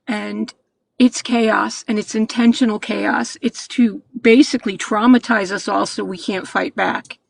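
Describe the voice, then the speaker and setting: A woman in her sixties calling in to a show, speaking earnestly and haltingly, with frequent restarts. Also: medium pitch, fairly even intonation, vocal fry, a little hiss or hum, poor audio. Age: 60s. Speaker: caller. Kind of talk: call-in chat.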